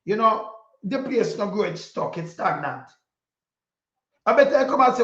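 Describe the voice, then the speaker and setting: A Jamaican man with a strikingly high voice delivers fired-up political commentary in patois, hammering his points again and again. The sound is roomy and dull, like a lo-fi home recording. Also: lively intonation, normal speed. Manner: preachy and repetitive, speaking in patois, sometimes shouting. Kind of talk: impassioned spoken commentary.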